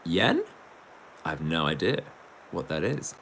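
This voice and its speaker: A man's voice: deep voice, big pitch swings, a little slow, gravelly, a bit bright, husky. A man chatting casually on a livestream, reading chat comments, rambling, swearing and laughing often.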